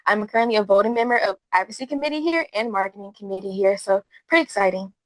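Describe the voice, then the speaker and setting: A young woman college student with a Maryland accent speaks as a radio guest. She talks fast and confidently with a playful edge, and her voice sounds dry and close. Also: mid-range voice, expressive, no room sound. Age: young adult. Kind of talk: casual interview answers.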